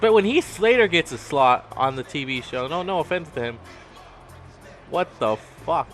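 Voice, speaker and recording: A man's voice: on the high side, expressive, normal speed, a bit bright, faint music behind. A man vlogging a casual rant about wrestling, blunt and profane, talking in bursts.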